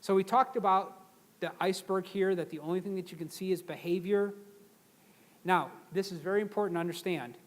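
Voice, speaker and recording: A male speaker with a notably high voice delivers a motivational seminar to a live audience. He is energetic and chatty, jumping between stories and calls for the crowd to repeat after him. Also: brisk.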